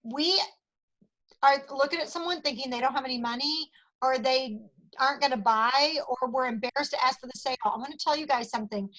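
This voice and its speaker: Bright high-voiced woman leading sales training. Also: poor audio. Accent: Southern US. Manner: upbeat, role-plays customer chat with quoted lines. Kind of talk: training talk to a sales team.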